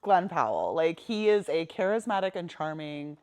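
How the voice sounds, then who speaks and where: A woman's voice: low voice, very animated, moderate pace, darkish tone. Easygoing woman podcast co-host. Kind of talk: casual chat.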